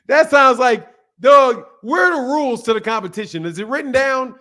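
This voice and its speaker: A man's voice: very high voice, expressive, unhurried, pushed and bright. A man hosting a boxing channel, ranting in casual disbelief, profane and repetitive, with laughing asides. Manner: profane, incredulous, repeats himself, laughing asides. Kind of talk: casual reaction rant.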